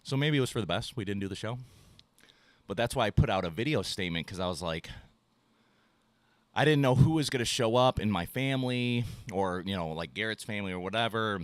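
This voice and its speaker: A man with a fairly low voice tells a story in a casual, profane way, playing out both sides of his phone calls as he goes. The sound is dry and close, with no room around it. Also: expressive, fairly quick, smooth, dry recording. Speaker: podcast host.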